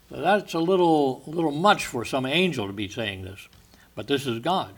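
A man's voice: mid-range voice, animated, moderate pace. A man teaching from the Bible, reading verses with rising emphasis and retelling the stories in casual asides. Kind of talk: sermon.

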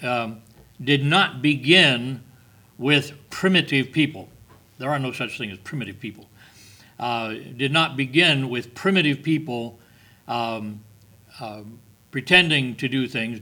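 Middle-aged guy preaching, bright forceful tone, leans hard on his points. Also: medium pitch. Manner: emphatic, repeats words, reads scripture aloud. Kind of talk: sermon.

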